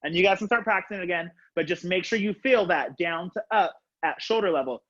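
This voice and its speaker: A young man teaching a color guard class over a video call from his home, upbeat and casual, counting out loud and coaching students by name. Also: high-pitched, fairly quick. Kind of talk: live online class instruction. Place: home room, on the floor. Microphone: laptop webcam on a video call. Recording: dull lo-fi video call audio.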